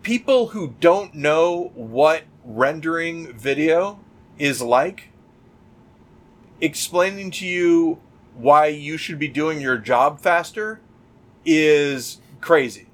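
Slow and fairly high-pitched, this man's voice has a lively intonation. Co-hosting a casual podcast chat, he animatedly tells anecdotes from work, acting out the quotes in a loose style that keeps restarting.

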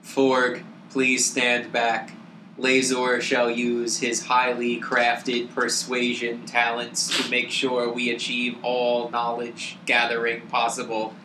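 A man playing a tabletop game, talking in a deadpan, formal way. His voice is bright, and the room around him is echoey. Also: medium pitch, slow pace, a little hiss or hum. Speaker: player.

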